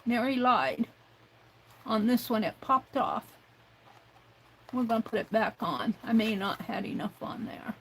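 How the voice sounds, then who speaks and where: A woman's fairly high, creaky, somewhat bright voice comes through a rough recording with a little hiss or hum. Hosting a relaxed craft livestream, she thinks aloud at an easy pace while working with her hands and sometimes refers to herself in the third person.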